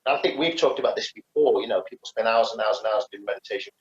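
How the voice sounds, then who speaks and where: A man's voice: on the low side, very fast. A man co-hosting a casual podcast chat, rambling with many restarts and fillers. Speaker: podcast co-host, karate teacher. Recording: echoey, dull lo-fi sound.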